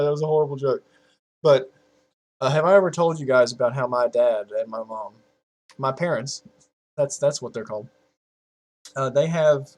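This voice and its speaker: A man's voice: mid-range voice, darkish tone. A man of twenty-one chatting casually to his viewers from a home setup, rambling, swearing freely and laughing at his own jokes. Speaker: YouTuber.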